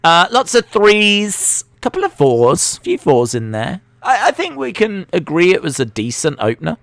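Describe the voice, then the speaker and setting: A man's voice: high-pitched, huge pitch swings, moderate pace, creaky, a bit bright, dry recording. A man hosting a live wrestling watch-along, chatty and jokey, reacting aloud as he goes. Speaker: live stream host.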